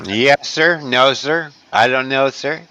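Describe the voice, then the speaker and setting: A man's voice: mid-range voice, takes it slowly, sharp tone, lo-fi sound. A man putting on a crude, exaggerated Southern US drawl in a noisy voice chat. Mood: mocking. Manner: clumsy exaggerated drawl, swearing.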